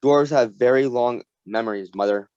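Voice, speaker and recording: A man's voice: medium pitch, moderate pace, darkish tone, smooth, dry recording, close to an everyday voice. A man reading as a grumpy dwarf son. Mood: grudging. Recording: dull lo-fi recording.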